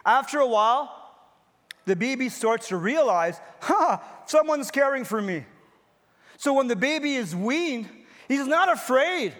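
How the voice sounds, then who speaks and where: Male pastor in his fifties with a high voice, preaching earnestly in a church with long reverb. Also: fairly bright tone. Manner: earnest, personal preaching with repeated phrases. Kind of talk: sermon.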